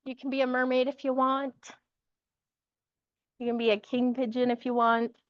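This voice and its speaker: A woman teaching a yoga class, giving calm, encouraging cues and laughing lightly now and then. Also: high-pitched, normal speed, no echo, muffled recording. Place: yoga studio with music.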